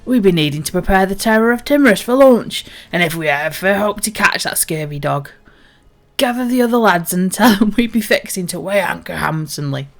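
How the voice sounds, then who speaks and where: A woman voicing a gruff old male pirate sea captain who slurs his words as if drunk. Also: medium pitch, animated, a little fast, close to an everyday voice. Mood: blustering. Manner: slurred pirate bluster.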